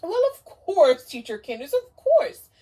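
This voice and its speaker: Mister Owl, a woman doing a squeaky eager owl. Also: big pitch swings, a little slow, mellow, full character voice. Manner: squeaky, repeats words eagerly. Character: eager excitable owl puppet.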